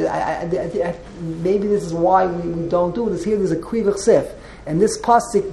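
Woman giving a class, kinda low voice, repeats herself a lot, room echo. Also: mellow, slight background noise. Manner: repeats and restarts words while explaining. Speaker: teacher of a text class. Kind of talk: classroom lecture with questions. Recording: roomy echo.

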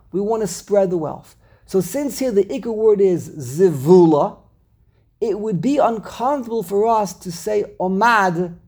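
Gravelly, husky man teaching grammar. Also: high-pitched, darkish tone. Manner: explanatory, repeats words while thinking. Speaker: Torah teacher. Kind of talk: classroom lesson on Hebrew grammar.

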